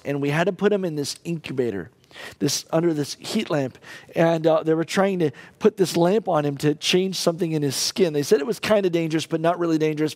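A male pastor preaching a sermon and telling a personal story, halting and emotional with many restarts. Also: on the high side, a little mellow, no room sound.

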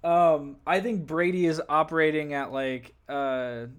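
Rambling young man thinking out loud. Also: a little high, steady tone, measured pace, clean tone. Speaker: podcast co-host making picks. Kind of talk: casual sports chat.

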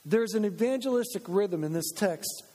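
A man delivers a lively sermon from the pulpit in a high-pitched voice. He leans on repetition and emphatic restatement. The sound trails off in a long church reverb. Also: moderate pace. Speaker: pastor. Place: church sanctuary.

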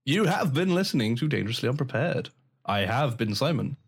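A man co-hosting a podcast in casual chat, animated and slipping into mimicked voices. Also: mid-range voice, brisk, husky. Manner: animated, mimics others mid-story. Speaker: podcast co-host.

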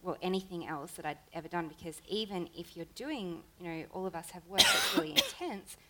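A woman's voice: lowish voice, expressive, brisk, heavy background noise. A woman, an interview guest, talking earnestly in casual chat with long run-on sentences.

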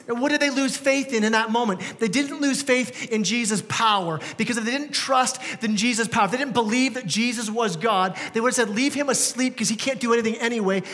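A man's voice: extremely high pitch, sharp tone. A man in his thirties preaching a sermon in a church, conversational and full of rhetorical questions to the congregation. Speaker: pastor. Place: church sanctuary. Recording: long church hall reverb.

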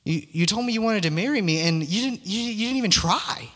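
A man's voice: high voice, expressive, brisk, a bit bright. A man voicing a hurt young woman who pleads with her suitor in a stammering, broken way. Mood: hurt, pleading. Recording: long hall reverb.

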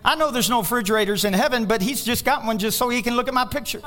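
A male pastor preaching a sermon, swinging from loud exhortation to hushed asides. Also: extremely high pitch, quick pace.

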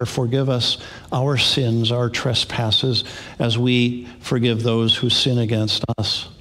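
A male pastor gives a sermon in a mid-pitched voice, telling stories in an easy, conversational way. His voice rings out with a long reverb from a large church hall. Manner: conversational storytelling with small restarts. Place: church sanctuary.

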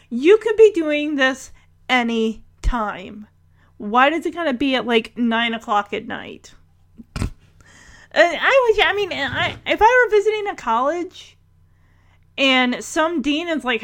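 High-voiced woman recapping an episode. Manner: animated, laughs often, acts out lines in quick voices. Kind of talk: casual episode recap with quoted dialogue.

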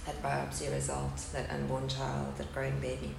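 A woman in her thirties speaks to an audience at a faith gathering, giving a candid, earnest personal testimony about loss. Her bass voice is creaky and completely flat, at normal speed. The hall is echoey, with a faint hum behind her and a live audience present.

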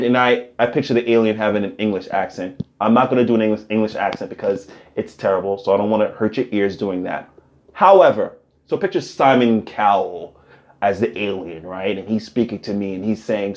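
A man hosting a podcast in a casual comedic monologue, animated and rambling, his voice swinging high and low. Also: highs cut off. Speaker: podcast host.

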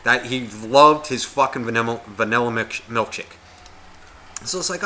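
This podcast co-host is a man speaking at medium pitch and a moderate pace. His casual story is loaded with profanity, and he brings it to life by voicing the people he quotes.

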